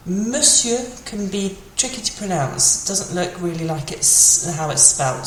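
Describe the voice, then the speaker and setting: Woman, low-ish and animated, a chatty language teacher; roomy echo, slight background noise. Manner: chatty, with fillers, repeats example phrases slowly. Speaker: French teacher. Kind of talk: casual spoken language lesson. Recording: echoey room with faint ambient noise.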